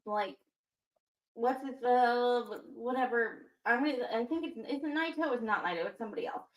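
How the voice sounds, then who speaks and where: A woman's voice: on the high side, moderate pace, reverberant, poor audio. A woman co-hosting a wrestling podcast, chatting casually and rambling through restarts and fillers. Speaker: podcast co-host.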